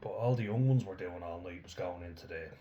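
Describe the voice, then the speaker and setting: A man's voice: deep voice, a little fast, highs cut off, heavy background noise. A young Irish man from Dublin ranting casually to camera, blunt, swearing freely and laughing as he rambles.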